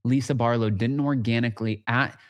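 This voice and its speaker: Male podcast host, gossipy casual chat, mid-pitched, loose and talkative. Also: fairly even intonation, fairly quick. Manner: chatty, gossipy, heavy use of "like".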